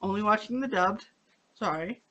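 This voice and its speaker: A woman's voice: medium pitch, lively intonation, normal speed, pushed and bright, dull audio. A woman giving a casual anime review on her own channel, rambling with many fillers and restarts, a little sleepy. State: sleepy, yawning.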